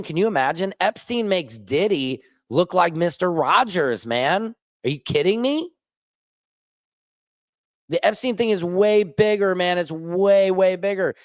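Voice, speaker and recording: A man talking straight to camera in a loose, animated rant, with a fairly high voice. His delivery jumps from excited, raised bursts to quick low asides. The sound is close and dry. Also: dry recording. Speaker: independent online journalist. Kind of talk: casual vlog rant. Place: rooftop.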